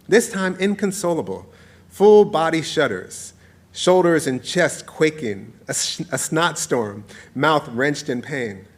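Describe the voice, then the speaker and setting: A man in his forties reads his own essay aloud, telling it playfully and warmly. He slips into laughter easily, and his voice sits a touch higher than most men's. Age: 40s. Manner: warm, playful storytelling, breaking into laughter. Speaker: author.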